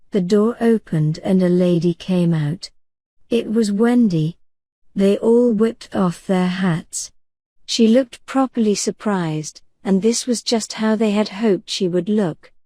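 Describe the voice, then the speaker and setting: A woman reads a bedtime audiobook in a gentle, unhurried, soothing manner. Her voice is mellow and dark rather than bright, sitting at a middle pitch. The recording is close and dry, with no room echo. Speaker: audiobook narrator. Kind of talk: soft bedtime story narration.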